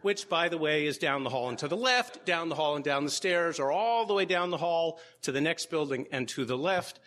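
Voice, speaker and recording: A man's voice: a little high, expressive, fairly quick, a bit bright. A man, a law professor, giving opening remarks to a live audience in a lecture room, with wry humorous asides. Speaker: law professor and conference co-organizer.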